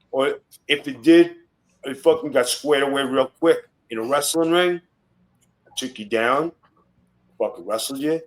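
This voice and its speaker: A man's voice: mid-range voice, rough recording. A middle-aged man, a former wrestler and podcast guest, telling blunt, profane tough-guy stories in casual talk. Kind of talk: casual storytelling interview.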